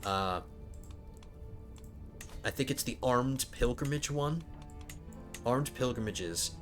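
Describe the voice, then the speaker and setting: A man's voice: medium pitch, animated, slow pace, soft background music. A man hosting a strategy game let's play, thinking aloud and often stumbling over his words. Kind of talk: casual gameplay commentary.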